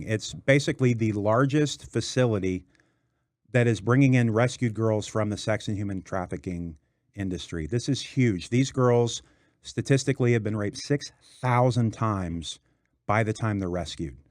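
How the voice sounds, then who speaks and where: A man talking as a guest on a studio talk show, energetic and enthusiastic about his company. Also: on the low side, moderate pace, no room sound. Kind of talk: casual studio interview.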